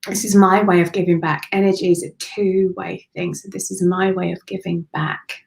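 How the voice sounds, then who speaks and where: A woman doing live spiritual readings for viewers, speaking softly and affectionately, with sighs and drifts into whispers. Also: lowish voice, little pitch movement, moderate pace, low-quality recording. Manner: emotional, breathy sighs and gushing warmth. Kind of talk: live-streamed channelled readings.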